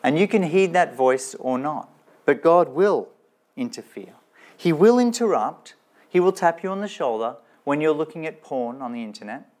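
A man's voice: a little high, expressive, normal speed, darkish tone. A man preaching a sermon in a church, talking in a conversational way and asking his listeners rhetorical questions. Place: church with slides shown.

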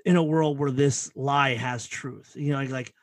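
Casting man, mid pitch, reflective host, stumbles and restarts, dry sound. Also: dry recording. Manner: thoughtful, halting restarts, casual swearing. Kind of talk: casual chat.

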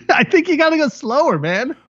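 A podcast co-host in casual chat, agreeable and quick to laugh, often chiming in with short replies. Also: high voice, sing-song, a bit bright, lo-fi sound.

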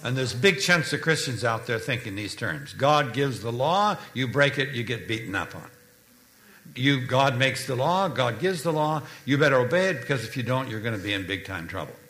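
Animated, bright-voiced male preacher telling a story. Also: medium pitch, fairly quick. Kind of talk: sermon storytelling.

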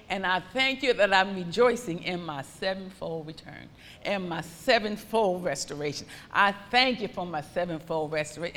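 A woman preaching a sermon with fervent, repetitive declarations that rise into loud praise. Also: medium pitch, lively intonation, normal speed, big-room sound.

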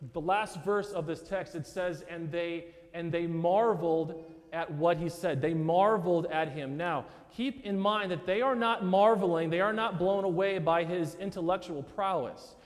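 A man with a high voice preaches a sermon to his congregation, with a loose, conversational delivery. His voice rings out with a long reverb through the church sanctuary. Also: a little slow. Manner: conversational preaching, addresses listeners as "guys". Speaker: pastor.

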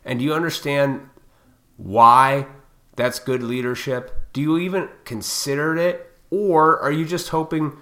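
A man's voice: a little high, steady tone, a little slow, fairly bright tone. A man delivering a heated, profane monologue to his viewers, lecturing them bluntly. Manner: heated, fired up.

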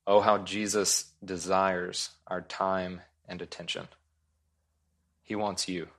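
A male pastor preaches in a low, deep voice, speaking earnestly and with emphasis. He repeats his main points for weight, with a flat, slow delivery.

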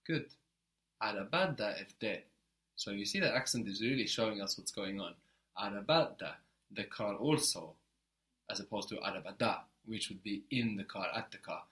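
During a one-on-one language lesson, a man with a fairly low, slightly bright voice explains patiently, regularly pausing to check with a brief question.

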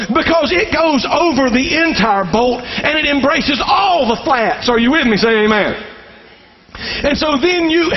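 A middle-aged man preaching a folksy sermon to fathers, calling for amens from the crowd. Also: very high-pitched. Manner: folksy Southern-style preaching with call-and-response. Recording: dull sound in a reverberant hall.

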